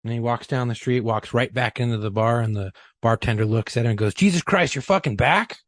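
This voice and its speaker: A man co-hosting a podcast, telling jokes in casual chat with halting, um-filled delivery. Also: medium pitch, flat delivery, no room sound. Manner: halting, with ums and restarts while telling jokes. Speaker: podcast co-host.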